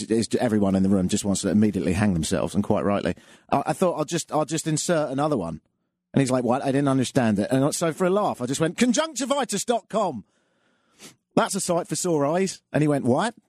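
A man's voice: medium pitch, expressive, quick pace, darkish tone, dry recording. A man hosting a call-in radio show, telling stories and jokes in a dry, self-mocking way. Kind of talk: casual monologue with jokes.

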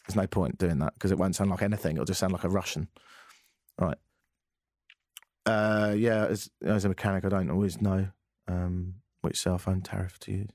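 A man hosting a radio talk show, reading listener texts with wry, animated commentary. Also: sits low, normal speed, no echo, clean studio sound. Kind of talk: casual radio call-in chat.

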